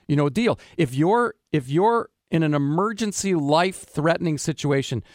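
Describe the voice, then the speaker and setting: A man's voice: a little high, animated, moderate pace, no echo, clean studio sound. A man hosting a radio talk show, rambling with many fillers and restarts as he interviews a guest. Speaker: radio show host and practitioner.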